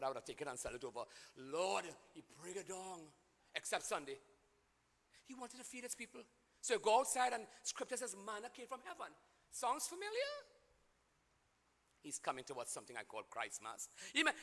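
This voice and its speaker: High-voiced priest preaching in echoing church. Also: male voice. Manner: call-and-response preaching, swings from quiet to shouting. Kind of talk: sermon.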